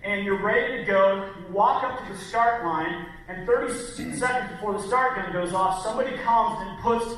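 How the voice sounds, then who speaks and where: A man giving an energetic, punchy motivational talk on stage, speaking directly to the crowd in a large hall. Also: sits high, moderate pace, few pauses. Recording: echoey hall from far off, faint noise.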